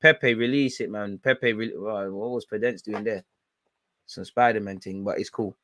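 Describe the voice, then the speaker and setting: A man's voice: lowish voice, steady tone, normal speed, a bit bright, no echo. Blunt, slangy young man. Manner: frustrated, blunt, slangy running commentary. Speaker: football fan channel host. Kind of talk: live match watchalong commentary.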